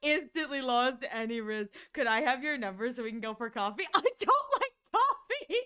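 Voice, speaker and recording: A woman's voice: fairly high pitch, fairly quick, clean tone. A woman streamer chatting casually and gossiping with her viewers during an art stream, laughing often. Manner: giggly, gossipy, animated.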